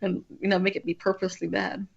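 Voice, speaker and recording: A woman's voice: medium pitch, flat delivery, quick pace, vocal fry, breathy edge, dull audio. A woman streamer chatting casually with a friend while drawing, rambling and often breaking off to restart her sentences.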